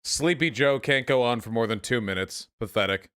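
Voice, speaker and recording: A young man hosting a livestream, reacting to chat with sarcastic, animated commentary full of swearing. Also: mid-range voice, normal speed, clean tone. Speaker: livestream host.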